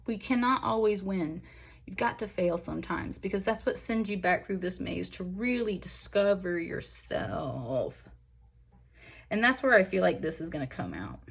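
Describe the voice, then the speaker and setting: A woman's voice: medium pitch, slightly rough. A young woman giving a pick-a-pile tarot reading in an earnest, emotional, encouraging way, rambling with fillers. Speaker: tarot reader.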